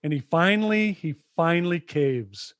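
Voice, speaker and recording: Animated male podcast storyteller, dry mic. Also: a little high, a little slow, no echo. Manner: animated storyteller, retelling film scenes. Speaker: podcast co-host. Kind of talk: casual conversation.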